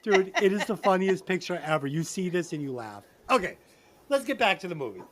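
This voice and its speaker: A man co-hosting a comedy podcast, talking loudly and rambling, swearing freely and laughing often. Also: high-pitched, big pitch swings, brisk, slight background noise. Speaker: podcast co-host. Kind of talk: casual comedy podcast banter.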